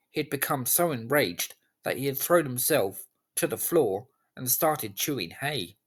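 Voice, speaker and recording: A man giving scripted history narration in a measured, even storytelling delivery. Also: medium pitch, breathy edge.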